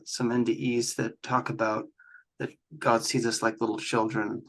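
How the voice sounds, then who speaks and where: A man's voice: mid-range voice, a bit bright. A man hosting an interview, thoughtfully asking questions and thanking his guest. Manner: appreciative, thoughtful, a few fillers. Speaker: interview host.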